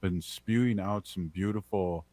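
A man's voice: deep voice, unhurried, warm tone, dry recording. A man hosting a radio show, bantering playfully and easygoing with his guest. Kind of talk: casual radio chat.

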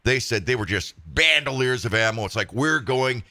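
A male radio talk show host, chatty and animated as he tells stories. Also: medium pitch, a little fast, no echo.

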